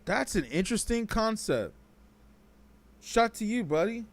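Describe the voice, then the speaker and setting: A man's voice: high-pitched, very animated, a little slow. A man hosting a casual live-stream talk show, reading chat comments aloud, loose and joking, with slang and lots of repeats.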